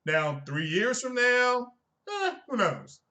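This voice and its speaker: A man's voice: extremely high pitch, sing-song, slow pace, bright, forceful tone. A man streaming casual commentary on tech and games, emphatic and chiding, asking his viewers rhetorical questions.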